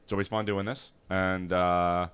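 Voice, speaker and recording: Male host, very deep and smooth, relaxed and conversational. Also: a little slow. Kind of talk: casual chat.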